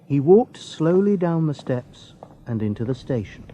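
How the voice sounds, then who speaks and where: Slow deliberate male story narrator. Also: fairly high pitch, very animated, dark tone, slight background noise. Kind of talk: slow graded-reader narration.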